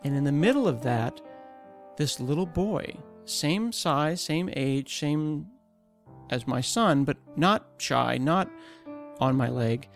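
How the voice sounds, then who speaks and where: A man telling an animated anecdote as a podcast guest, acting out excited voices in between. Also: a little high, takes it slowly, gravelly, faint music behind. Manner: acts out excited child voices loudly.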